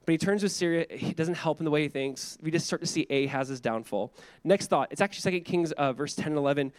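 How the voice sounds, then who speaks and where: A young man preaching with a high, light voice. He talks casually and lively, acting out the people in his text. The sound is close and dry, with no room echo. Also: fast talker. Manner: conversational, animated, acts out quotes. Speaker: pastor. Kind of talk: sermon.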